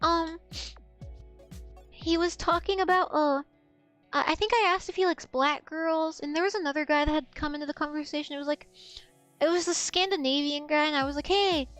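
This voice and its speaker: A woman in her twenties talks to her stream chat in a loose, rambling way, swearing freely and laughing as she drifts off track. Her voice sits high. Faint music plays underneath. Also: a bit bright. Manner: rambling, profane, loses her train of thought; laughs often.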